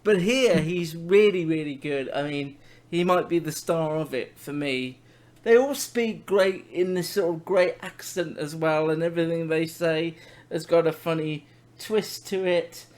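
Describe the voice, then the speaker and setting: A man's voice: fairly high pitch, unhurried, a little mellow. Enthusiastic man hosting a review. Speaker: podcast host. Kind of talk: casual review chat.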